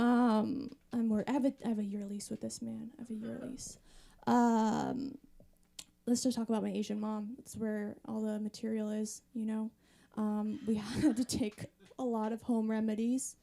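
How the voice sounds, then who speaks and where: A woman's voice: a little high, fairly even intonation, normal speed, gravelly, warm tone. A woman in her thirties doing a chatty, wry stand-up set on a comedy club stage. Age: 30s. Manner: conversational, wry, chatty with the audience.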